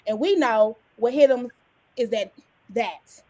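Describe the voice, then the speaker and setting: A woman's voice: fairly high pitch, takes it slowly, dark tone. A woman hosting a podcast, chatting casually and backing up her guest, calling her sis. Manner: supportive, calls the guest sis. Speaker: podcast host. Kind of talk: casual chat.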